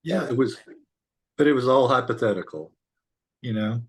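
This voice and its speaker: A man hosting an interview, mostly listening with short agreements and laughs, then putting in a slow, easygoing comment. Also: medium pitch, slightly rough. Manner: relaxed listener, soft backchannels and laughs. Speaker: interviewer, host. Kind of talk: casual interview.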